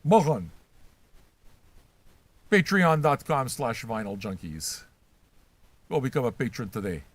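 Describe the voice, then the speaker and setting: An older man hosting a record-reaction show, ranting casually and crudely and mocking people as he shouts. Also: medium pitch, sing-song, moderate pace. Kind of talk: casual profane rant.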